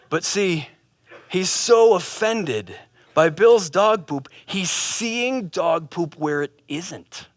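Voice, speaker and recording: Lively high-voiced male preacher. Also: takes it slowly. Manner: animated storyteller, casual slang. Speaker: pastor. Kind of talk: sermon with a comic parable.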